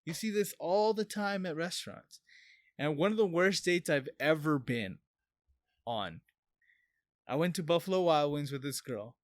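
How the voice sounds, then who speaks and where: A man co-hosting a podcast, telling stories in a casual, profane, animated way. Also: fairly high pitch, normal speed, no echo, clean studio sound. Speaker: podcast co-host. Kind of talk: casual chat.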